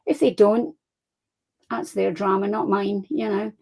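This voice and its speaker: A woman with a Scottish accent, a crime fiction author chatting as an interview guest, telling lively anecdotes and laughing easily. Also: mid-range voice, a little slow, gravelly, breathy edge, rough recording. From Scotland. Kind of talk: casual interview chat.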